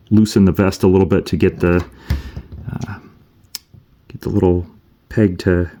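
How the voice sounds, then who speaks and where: A man's voice: deep voice, mellow, a little hiss or hum. A man casually reviewing an action figure, meandering and thinking aloud as he handles each piece. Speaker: toy reviewer.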